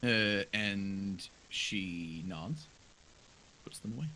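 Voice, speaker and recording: A man's voice: sits low, extremely slow, bright, forceful tone, slight background noise. A man narrating a tabletop game as game master, casual and prone to small slips.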